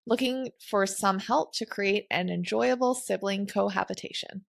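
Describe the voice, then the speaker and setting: A woman reads listener questions aloud on a parenting podcast, her voice carrying a noticeable gravelly fry. The sound is dry and close, with no room echo. She keeps a plain, steady reading delivery throughout. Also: mid-range voice, normal speed.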